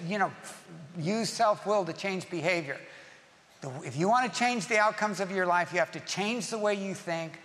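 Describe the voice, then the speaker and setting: A male pastor preaching an animated sermon, acting out scenes and rising to shouts. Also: high voice, big-room sound.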